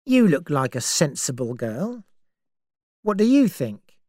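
Wry, measured man, voiced by a female narrator, calm and dry; close, dry sound. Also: sits low, no echo, exaggerated voice. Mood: cool. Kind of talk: audiobook character reading.

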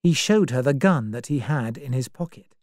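A woman narrating a story in a measured, expressive way. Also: a bass voice, dry recording, studio quality. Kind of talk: scripted narration.

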